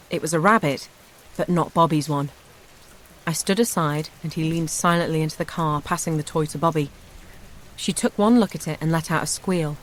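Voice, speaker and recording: A woman narrating a first-person memoir audiobook in an even, measured storytelling manner. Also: sits low.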